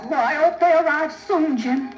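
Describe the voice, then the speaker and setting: A woman's voice: high-pitched, dull audio, lightly acted. An actress playing an anxious, practical innkeeper mother on a vintage children's story record. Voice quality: worried, brisk. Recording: echoey vintage vinyl with music behind.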